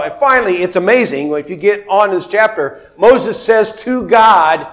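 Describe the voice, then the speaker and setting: A male pastor preaching a sermon in a conversational, animated way, acting out biblical figures and asking the congregation questions. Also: sits high, normal speed, few pauses. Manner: conversational, asks the audience questions.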